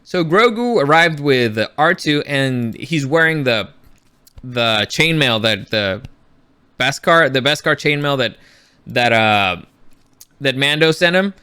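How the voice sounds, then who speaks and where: A man giving a casual, rambling review, sarcastic and quick to act out characters' lines. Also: mid-range voice, lively intonation, sharp tone, clear, resonant tone, no room sound. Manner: frequent restarts and fillers, swears when annoyed. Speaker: YouTube reviewer.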